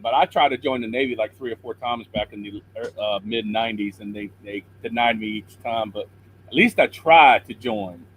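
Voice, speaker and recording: A middle-aged man calling in to a talk show over a video call, a little hoarse, talking earnestly and preaching from scripture. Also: on the low side, normal speed, a bit bright, slight background noise, low-quality recording. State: slightly hoarse throat. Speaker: caller. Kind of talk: call-in chat and Bible encouragement.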